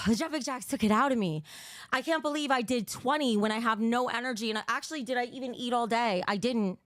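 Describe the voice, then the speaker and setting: A woman's voice: on the high side, fast, dry recording, studio quality. A young woman streaming live, talking bluntly and cursing as she reads out viewer donations, a little out of breath. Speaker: livestreamer. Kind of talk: casual livestream chat.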